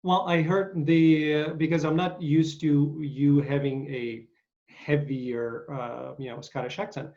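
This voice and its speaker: A man's voice: on the high side, little pitch movement, unhurried, darkish tone. A middle-aged man hosting a podcast, rambling casually with lots of hesitant fillers. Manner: rambling, hesitant, many uhs. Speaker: podcast host. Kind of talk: casual interview chat. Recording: dull lo-fi audio.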